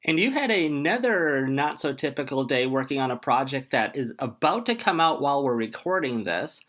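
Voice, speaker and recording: A woman with a strikingly low voice hosts a casual interview, laughing along with her guest and steering the chat with questions. She sounds relaxed and friendly. The audio has a phone-line quality. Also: normal speed. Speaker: podcast host.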